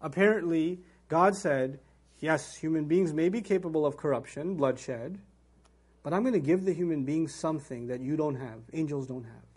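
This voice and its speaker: A man's voice: warm tone, breathy edge. A man giving a Quran lecture as an Islamic teacher, telling the story with rhetorical questions and acting out quoted voices. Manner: acts out quoted voices with big pitch jumps.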